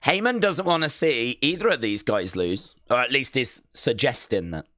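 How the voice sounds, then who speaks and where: Excitable man reacting live. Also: mid-range voice, normal speed, no room sound, clean studio sound. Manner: excitable, shouts counts and moves, repeats himself. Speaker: live-stream watch-along host.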